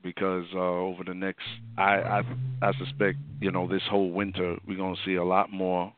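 A man on a radio chat show, giving his thoughts with halting speech and many fillers. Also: low voice, completely flat delivery, clear, resonant tone, no room sound. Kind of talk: radio talk commentary. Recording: dry phone-like sound.

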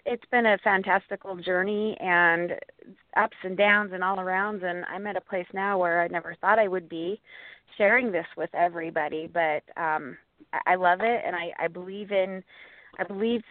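A woman's voice: medium pitch, dry recording. Earnest woman on a tinny phone line. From Montana, USA. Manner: earnest, halting storytelling with many restarts. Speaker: guest, Bigfoot researcher and author. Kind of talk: interview storytelling.

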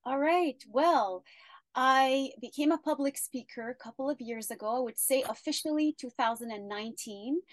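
A woman guest telling her story in an interview, earnest and measured. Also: high voice, dry recording.

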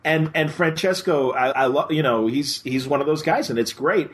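A man hosting a casual podcast chat, rambling and animated, acting out the voices he quotes. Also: a little high, moderate pace. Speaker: podcast host.

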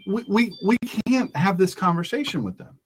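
Emphatic talk radio host man, lively pitch. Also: normal speed, slightly rough. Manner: emphatic, repeats phrases. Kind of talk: opinionated radio monologue.

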